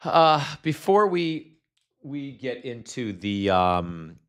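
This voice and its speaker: A man's voice: mid-range voice, big pitch swings, slow pace, clean tone. A middle-aged man from New Jersey hosting a political livestream, ranting in a casual, profane way with many restarts and fillers, and reading chat comments aloud.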